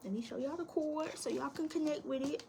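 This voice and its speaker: A woman's voice: sits high, fairly quick, gravelly, noisy background. A woman reading tarot to camera, encouraging and speaking straight to the viewer, thinking aloud as she pulls cards. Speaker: tarot reader.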